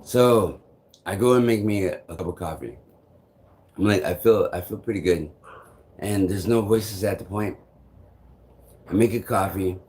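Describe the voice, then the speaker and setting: A man with a somewhat low voice talks straight to his vlog audience. He rambles through a personal story, loops back on himself with "I'm like," swears casually and chuckles along the way. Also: moderate pace, pauses often, darkish tone. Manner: meandering, repeats "I'm like", swears freely, chuckles often. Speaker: vlogger.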